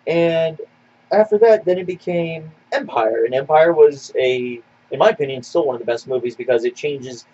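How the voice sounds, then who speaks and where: A man with a fairly high, husky voice talks in a loose, rambling way, full of fillers and restarts. He answers listener questions on a casual podcast. The sound is slightly muffled and lo-fi. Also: normal speed, warm tone. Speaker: podcast co-host.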